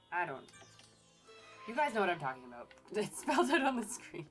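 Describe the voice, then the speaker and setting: A woman's voice: lowish voice, sing-song, moderate pace, soft background music. A woman archaeologist giving casual commentary while streaming a game, chatty and hesitant, often correcting herself.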